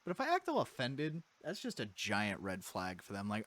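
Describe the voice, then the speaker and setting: A man's voice: on the low side, huge pitch swings, normal speed, few pauses, fairly bright tone. Sarcastic man joking over a game. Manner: sarcastic, jokey, talks back at the game. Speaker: game player. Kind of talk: let's-play commentary.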